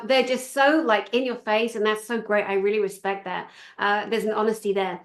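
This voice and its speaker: A woman in casual conversation, talking in an animated, exasperated way and acting out what others say. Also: medium pitch, normal speed, few pauses, echoey room.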